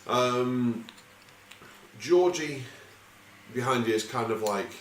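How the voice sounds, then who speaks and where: A man's voice: medium pitch, takes it slowly. A man running a tabletop game as game master, narrating casually with loose, rambling asides and swearing. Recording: echoey room with faint noise.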